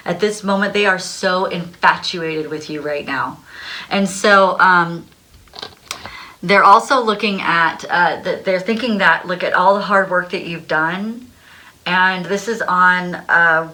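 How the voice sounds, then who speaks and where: A woman's voice: fairly low pitch, bright, forceful tone. A young adult woman giving a casual tarot reading, bubbly and breathless, laughing often as she talks. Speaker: tarot card reader.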